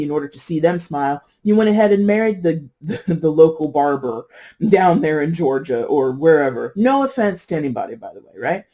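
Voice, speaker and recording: A tarot reader talking through a reading in a casual, digressive way, with many asides, "you know"s and laughs at their own jokes, sometimes slowing to stress key words. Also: mid-range voice, dark tone.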